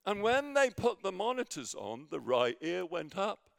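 A man preaching a sermon with a personal story, halting with many fillers and restarts, sometimes dropping to near a whisper. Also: high voice, very animated, gravelly, no echo, studio quality. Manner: drops to near whisper in quiet moments.

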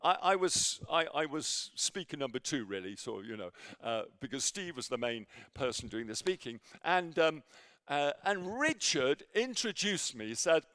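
A man preaching a sermon with a personal story, halting with many fillers and restarts, sometimes dropping to near a whisper. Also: a little high, sing-song, smooth, dry recording, clean studio sound. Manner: drops to near whisper in quiet moments.

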